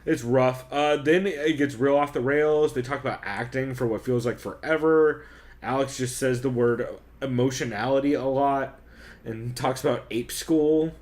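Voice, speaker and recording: A man with a mid-range, slightly mellow voice co-hosts a podcast at a normal pace, casually recapping shows while swearing a lot, joking and laughing often.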